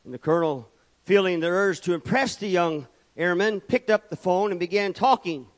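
A man's voice: sits high, normal speed. A man preaching a sermon from the pulpit, building points through repetition and calling out for amens. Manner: preaching with rhetorical repetition and calls of amen. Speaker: pastor. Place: church.

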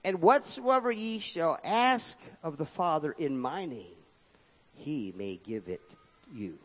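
A man delivers a sermon in a swooping, sing-song preaching cadence, his voice sitting a little high and leaping up and down. He reads verses aloud between points. The sound is dull and lo-fi, with a long reverb trailing off the walls of the hall. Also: lively intonation, slow, fairly bright tone. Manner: sing-song preaching cadence, rising and falling sharply, reading scripture aloud.

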